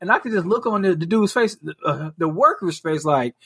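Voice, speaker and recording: A man's voice: high voice, lively intonation, fairly quick, pushed and bright, slightly rough. A man co-hosting a podcast, telling stories in casual chat with lots of profanity and mimicry of people he met. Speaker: podcast co-host.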